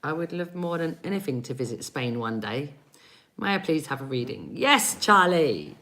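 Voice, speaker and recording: English woman, 40s, bright voice, chatty, laughs a lot, live-stream host. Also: low-pitched, big pitch swings, normal speed. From England. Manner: chatty, laughs often, talks to viewers. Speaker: energy reader doing live readings.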